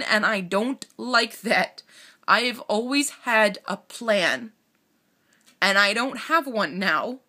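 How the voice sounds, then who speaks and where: Young woman in her twenties, tearful and halting, bright tone, personal vlog confession to camera. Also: mid-range voice. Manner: halting and emotional, with nervous laughs and sighs. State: tearful, on the verge of crying. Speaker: vlogger.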